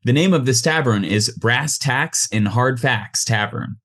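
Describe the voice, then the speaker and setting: A man narrating a tabletop game as game master, relaxed and loose, with frequent ums. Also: mid-range voice, a little slow.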